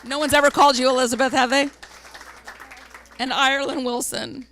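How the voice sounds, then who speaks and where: A woman school board member presenting awards at a public meeting, earnest, reading names slowly and carefully. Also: high voice, fairly even intonation, a bit bright, a faint crowd, slight background noise.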